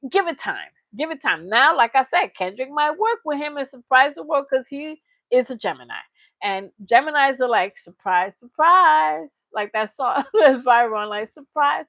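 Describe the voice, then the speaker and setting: A woman hosting a reaction channel, giving blunt, animated commentary and reading her live chat, laughing often. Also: high voice, no room sound. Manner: animated, blunt, laughs often, lots of "you know what I'm saying".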